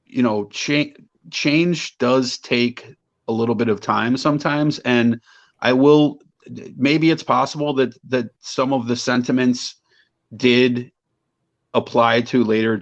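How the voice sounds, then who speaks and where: A podcast co-host with a steady mid-range voice, recorded muffled, chats in a casual debate. He's measured, choosing words carefully as he searches for them.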